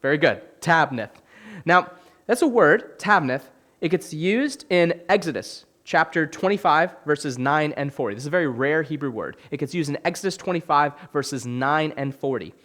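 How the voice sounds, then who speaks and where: Young adult male pastor, slightly high voice, animated sermon delivery with questions to the room. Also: moderate pace. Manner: animated preaching, asks the audience questions.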